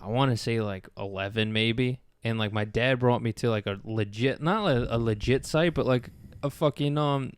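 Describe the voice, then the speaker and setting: A young man co-hosting a podcast, telling stories in casual, profane chat that turns excitable. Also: mid-range voice, normal speed, clear, resonant tone, dry recording. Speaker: podcast co-host.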